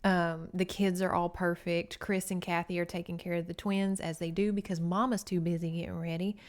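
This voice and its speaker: A woman's voice: lowish voice, level tone, moderate pace. A woman with a Southern US accent hosting a podcast, recapping a book in a chatty, sarcastic way full of asides. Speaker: podcast host.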